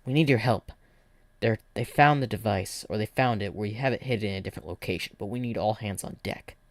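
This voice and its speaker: A man's voice: fairly low pitch, a little fast, close to an everyday voice. A man voicing a chipper male clockman agent. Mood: cheery.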